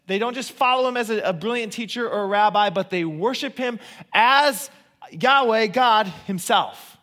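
Male preacher, high-pitched, animated delivery, slow emphatic scripture reading, swings from near-shouts to hushed lines. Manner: drops to a soft, low near-whisper for emphasis; reads scripture aloud in a slow, emphatic cadence. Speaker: pastor. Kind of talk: sermon.

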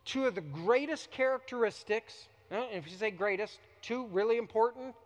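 High-voiced man preaching in a reverberant hall. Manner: emphatic, dramatic pauses and repetition. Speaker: pastor. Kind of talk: sermon. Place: church sanctuary.

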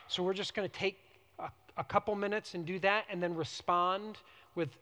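A man preaching a sermon as pastor, animated, swinging from loud emphasis to hushed, prayerful quiet. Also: high-pitched, normal speed, in a large hall.

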